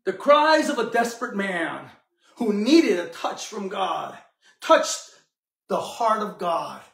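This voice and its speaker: A man's voice: high voice, big pitch swings, slow pace, vocal fry, a bit bright, far from the mic. A man preaching a sermon, telling the story dramatically and acting out the characters. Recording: echoey room, mic from afar.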